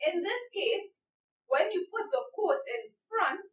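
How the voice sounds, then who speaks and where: A woman's voice: very high voice, sing-song, slow. A woman teaching an English grammar lesson, explaining step by step and stressing key words. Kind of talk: slow, deliberate grammar lesson. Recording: echoey room, a bit far from the mic.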